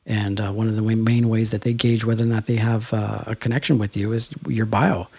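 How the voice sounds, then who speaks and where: A man's voice: fairly low pitch, steady tone, brisk, creaky, a little mellow, breathy edge, no room sound. A man co-hosting a casual chat, rambling through stories with lots of fillers. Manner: rambling, storytelling with filler words.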